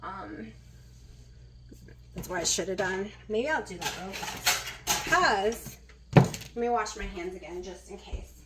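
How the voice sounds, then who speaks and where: A woman's voice: medium pitch, takes it slowly, pauses often, heavy background noise. A woman chatting casually as she cooks in her home kitchen, rambling with plenty of fillers. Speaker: vlogger. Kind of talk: casual kitchen vlog chat.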